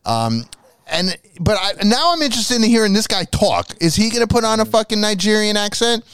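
A man's voice: sits high, very animated, fairly quick, a bit bright, clean tone, dry recording. A man in casual podcast chat who talks animatedly, swears often and laughs a lot. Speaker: podcast co-host.

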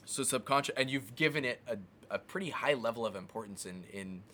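A man who is a guest in a casual chat, speaking in a thoughtful, encouraging way with halting restarts. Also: mid-range voice, fairly bright tone, a little hiss or hum.

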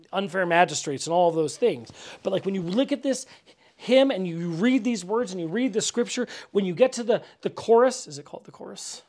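Pastor, male, high-set voice, loose chatty sermon delivery with emphatic repeats. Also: darkish tone. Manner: conversational, many "like" fillers, emphatic repetition. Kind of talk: casual sermon. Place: church gathering.

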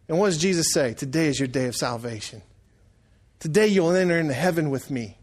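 A middle-aged man preaching a sermon, telling stories that swing from quiet, hushed lines to loud shouted outbursts. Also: on the high side, animated, fairly quick. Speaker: pastor.

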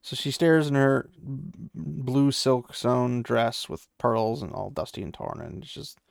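A man's voice: medium pitch, measured pace, creaky, dry recording, studio quality. A man casually retelling a fantasy novel, rambling and slipping into the characters' voices, with opinionated asides. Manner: rambling, acts out the characters' quotes loosely. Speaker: book recapper.

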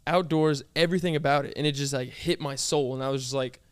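A young man tells a story in a relaxed, rambling way, full of "like" and "I was like." His voice sits a bit high and sounds clean and smooth. The recording is close and dry, with no room sound. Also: fast talker, no room sound. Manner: chatty storytelling with many fillers. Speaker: groom. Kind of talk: casual chat.

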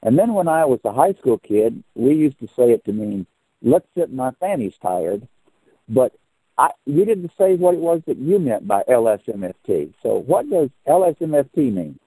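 A man's voice: medium pitch, big pitch swings, normal speed, warm tone, husky, no room sound, poor audio. An older man hosting an interview, explaining his points at length in a folksy, talkative way. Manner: long-winded, explanatory, folksy. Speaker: podcast host. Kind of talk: conversational interview.

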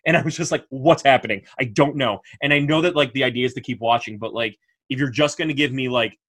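A man co-hosting a podcast, chatting casually in an animated, rambling way and laughing often. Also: medium pitch, fast talker. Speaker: podcast co-host. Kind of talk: casual chat.

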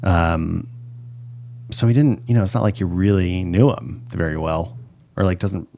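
A man hosting a podcast, chatting casually in a rambling, halting way that often restarts sentences. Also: sits low, fairly even intonation, gravelly, warm tone, a little hiss or hum. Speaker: podcast host. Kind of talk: casual chat.

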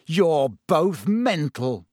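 Man reading a shaky, stubborn teen boy, raised pitch, slow delivery. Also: big pitch swings, dry recording, studio quality, exaggerated voice. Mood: panicky. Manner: shaky, yelling. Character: panicky teenage boy, stubborn.

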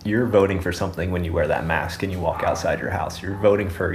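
A man's voice: low-pitched, fairly even intonation, fairly quick, few pauses, a crowd in the background. An American man in casual podcast chat, opinionated and ranting, swearing freely. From United States.

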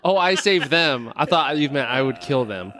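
A man in casual chat, reacting to a story with quick interjections. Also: medium pitch, expressive, crowd noise.

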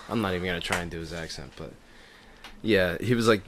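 Laid-back lower-voiced man chatting. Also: quick pace, a bit bright, a little hiss or hum. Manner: laid-back, rambling, swears casually. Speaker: podcast host. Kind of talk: casual chat.

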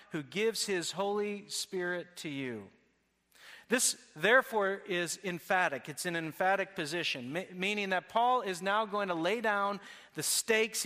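A man's voice: high-pitched, pushed and bright. A man preaching a sermon earnestly, often restarting his phrases. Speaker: pastor. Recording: long hall reverb.

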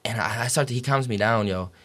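A young adult man with a medium-pitched, fairly bright voice talks at a quick pace. He's a podcast guest telling his story in a casual, rambling way, swearing freely and packing his speech with "like" and "dude."

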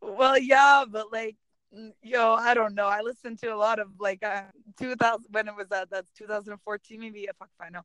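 A man's voice: sits high, fairly even intonation, fairly quick, pushed and bright, clear, resonant tone, no room sound. A man in his twenties from Canada chatting casually as a guest, slangy and trailing off. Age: 20s. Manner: slangy, mumbling trail-offs. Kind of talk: casual chat.

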